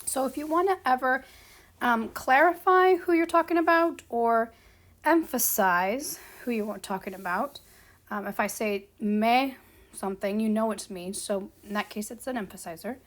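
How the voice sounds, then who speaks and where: A woman explaining a grammar lesson as a teacher, patient and checking in with her students as she goes. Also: fairly high pitch. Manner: slow, patient, checks in with "okay?" and "right?". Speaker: Spanish teacher.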